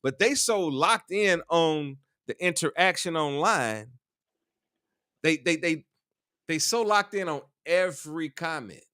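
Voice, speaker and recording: A man in loose, profane conversation, his voice bright and ringing with a lot of lift and fall. The sound is dry and close, with no room around it. He talks in a lively way and circles back over his own words. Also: on the high side, slow, no room sound. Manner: animated, profane, repeats himself a lot. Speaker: co-host. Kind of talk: casual podcast chat.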